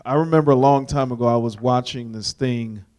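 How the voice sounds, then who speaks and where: A man's voice: mid-range voice, normal speed, a little mellow. A man with a mid-range voice talks earnestly in a Bible study discussion. His delivery is conversational, and he often checks in with his listener.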